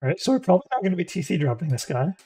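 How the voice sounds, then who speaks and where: A man's voice: high voice, sing-song, rapid-fire, dark tone, breathy edge, poor audio. A young American man with a mild Florida, Midwestern-tinged accent, musing aloud in casual game commentary. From United States. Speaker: gaming streamer.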